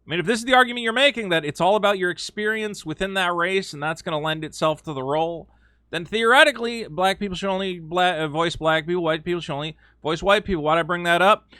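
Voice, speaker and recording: A man giving casual opinion commentary as a video host, animated and sarcastic, slipping into mocking quoted voices with frequent fillers. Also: sits high, fast, clear, resonant tone, no echo, clean studio sound.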